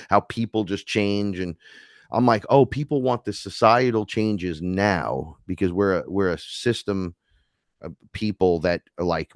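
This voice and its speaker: NY male guest, low-pitched, lively storyteller, dry mic. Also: clean tone, no echo. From New York City. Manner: animated storyteller acting out quoted voices. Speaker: podcast guest, neo-shaman. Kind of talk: casual chat.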